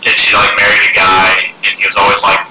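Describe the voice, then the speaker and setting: A man's voice: on the low side, brisk. A man being interviewed as an actor, chatting casually and acting out voices as he tells stories, laughing often. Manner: animated storyteller, acts out voices, laughs often. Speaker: actor guest. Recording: echoey room, loud background noise.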